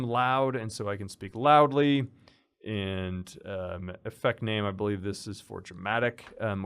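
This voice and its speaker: A man casually walking through a software tutorial, explaining as he goes with fillers and restarts. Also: on the low side, smooth. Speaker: instructor. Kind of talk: screen-recorded software tutorial.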